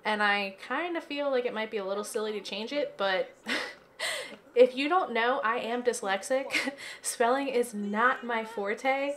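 A woman's voice: a little high, lively intonation, measured pace, fairly bright tone, slight background noise. A woman chatting casually through gameplay commentary from her home office, giggly and filling her talk with "like" and "um". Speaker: let's play gamer.

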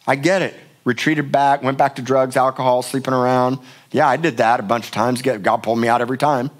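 A man's voice: medium pitch, fairly even intonation, a little fast. A middle-aged male pastor preaching a sermon in a church, emphatic and passionate, often repeating words for force. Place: church sanctuary.

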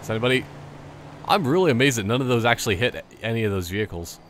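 Lively man rambling over gameplay. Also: medium pitch, quick pace, slight background noise. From Canada. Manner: rambling, joking asides and tangents. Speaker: gameplay commentator. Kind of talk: casual let's-play commentary.

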